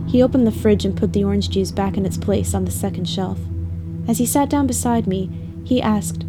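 A woman narrates a dark first-person story in a dramatic, emotionally charged reading, over a clear music bed. Her voice sits in a steady middle register. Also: medium pitch, a little fast.

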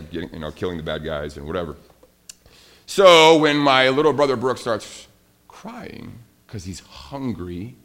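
A man's voice: lowish voice, vocal fry. A middle-aged man preaching a sermon, telling a story and talking directly to the children. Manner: animated storytelling, addresses kids directly. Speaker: pastor.

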